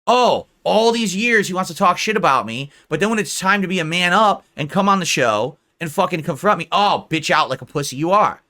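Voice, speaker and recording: High, lively, profane streamer man. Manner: heated, profane, mocking. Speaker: streamer host. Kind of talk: livestream rant and chat.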